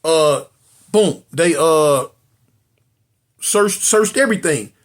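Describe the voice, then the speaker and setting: A man telling a casual story about prison life, animated, repeating phrases and acting out what people said. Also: a little high, slow.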